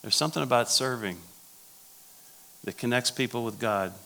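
A man's voice: mid-range voice, normal speed, gravelly, sharp tone. A man, a pastor, giving a sermon-style leadership talk at a conference, telling stories and repeating his key phrases. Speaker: pastor speaking at a church conference.

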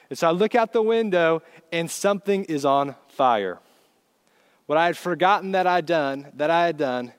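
High-voiced man telling a sermon story. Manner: animated, conversational storytelling. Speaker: preacher.

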